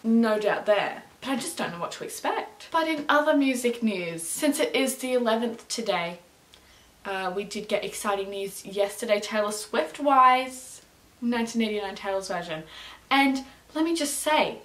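A young woman with a fairly high voice chats excitedly, gushing and stringing her thoughts together with constant fillers. Her voice bounces around a small echoey room. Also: moderate pace. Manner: chatty and gushing, filler-heavy with lots of "like". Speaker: music reaction vlogger. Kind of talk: casual reaction chat.

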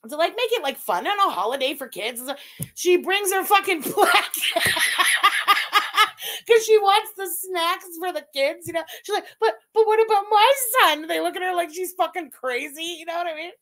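A woman's voice: extremely high pitch, moderate pace, fairly bright tone. A woman hosting a livestream with casual commentary, giggling often and talking in a crude, mocking way. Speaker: livestream host.

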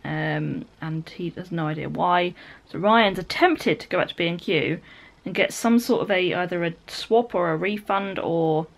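A woman's voice: on the low side, normal speed, creaky. A British woman in her twenties talking to the camera from her living room in a casual, giggly, rambling vlog. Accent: British English. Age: 20s. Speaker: vlogger. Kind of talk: casual home vlog chat. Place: home living room, indoors.

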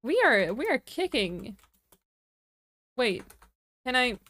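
A woman's voice: on the high side, sing-song, slow, a bit bright, no room sound. A woman streamer in casual live-stream chat, chatty and giggly, laughing often as she rambles and answers her viewers.

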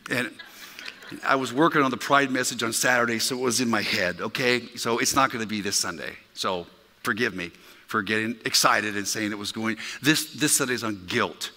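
A man's voice: on the low side, a little fast, pushed and bright, in a large hall, slight background noise. A male pastor preaching a sermon in an emphatic, conversational way, talking directly to his congregation. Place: church sanctuary.

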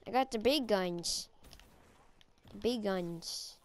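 Goofy woman gamer, clear voice. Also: medium pitch, animated, takes it slowly, pauses often, a bit bright. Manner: goofy, silly voices and chanting. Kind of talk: playful live game commentary.

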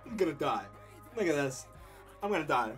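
A man from New Zealand with a New Zealand accent, reacting excitedly to an album while fighting a cold and coughing, gushing and laughing often. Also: fairly high pitch, brisk. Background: music playing faintly.

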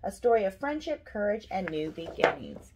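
A middle-aged woman, a school principal, reading a picture book aloud to children with expressive storytelling. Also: mid-range voice, moderate pace, very noisy.

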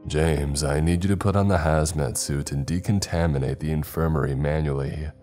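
A man playing a stern, deep-voiced captain. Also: steady tone, normal speed, mellow, faint music behind. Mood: commanding. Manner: commanding, curt. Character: stern male spaceship captain.

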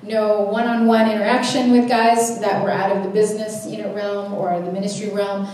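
Telling her story to a church conference with humor and acted-out quotes of herself, a young adult woman delivers a sermon-style testimony. Her medium-pitched voice is level, a little mellow, and at a normal speed. The recording is distant and very echoey, with slight background noise.

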